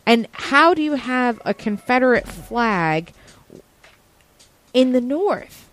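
A woman comedian in casual panel talk, animated and full of quick restarts. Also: a little high.

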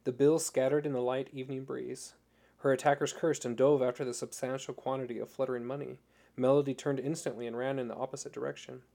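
A man reading a novel chapter aloud as an audiobook narrator, steady storytelling. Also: medium pitch, fast talker, creaky. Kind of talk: scripted narration.

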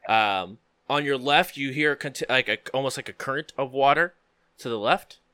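Bright, crisp game master narrating. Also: male voice, mid-range voice, dry recording. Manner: descriptive, halting with many fillers.

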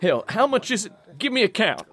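A man's voice: sits high, very animated, fairly quick, pushed and bright, heavily acted. A man playing a brash hot-headed gambler. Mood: brash suspicious. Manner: rough, folksy, belligerent.

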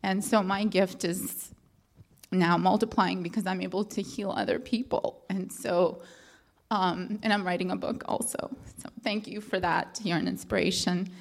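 A woman's voice: lowish voice, fairly even intonation, moderate pace, gravelly. A woman from the audience sharing a personal story at a question session, hesitant and rambling, with many fillers and restarts. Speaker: audience member asking a question.

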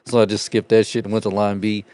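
A man's voice: fairly low pitch, flat delivery, fairly quick, a little mellow. A man in casual podcast chat, telling profane stories between bursts of laughter.

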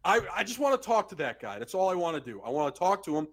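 A man co-hosting a casual sports podcast and ranting in an animated, profane way. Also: high-pitched, fast. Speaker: podcast co-host.

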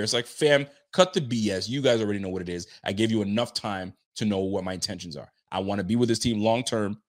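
A man hosting a casual sports talk show, speaking in an animated, slang-heavy way, answering chat comments and riffing on the roster. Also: fairly low pitch, fast talker, hardly any pauses. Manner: animated, slangy, talks straight to listeners. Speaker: sports podcast host.

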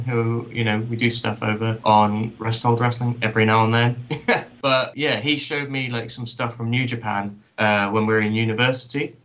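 A man's voice: mid-range voice, fairly bright tone, highs cut off, slight background noise. A man, a guest writer on a podcast, talking in a loose, rambling way with plenty of fillers. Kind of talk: casual podcast chat.

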